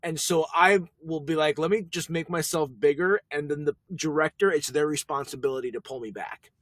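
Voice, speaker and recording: A man's voice: on the high side, steady tone, fairly quick, fairly bright tone, no echo. A man co-hosting a podcast in casual chat, tossing in joking, self-mocking banter. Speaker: podcast co-host.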